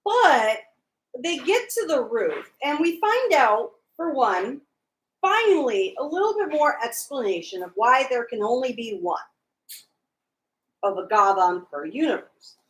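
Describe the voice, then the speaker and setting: A woman's voice: high voice, big pitch swings, a little slow, echoey room, low-quality recording. A woman co-hosting a casual chat about a TV show, teasing and arguing her point. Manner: teasing, argumentative. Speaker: podcast co-host.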